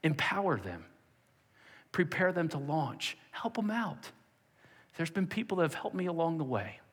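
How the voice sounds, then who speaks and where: Pastor guy preaching, kinda high voice, gets loud then goes quiet for the prayer, big echoey hall. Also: sing-song, moderate pace, breathy edge. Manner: emphatic preaching, swings from loud exhortation to hushed prayer. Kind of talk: sermon. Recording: long hall reverb.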